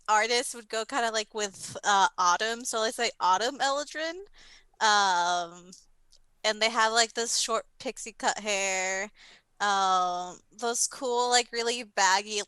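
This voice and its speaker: Bright-voiced giggly woman playing. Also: mid-range voice, clear, resonant tone, no room sound, poor audio. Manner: giggly, slow, thinking out loud. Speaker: player. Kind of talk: casual tabletop game chat.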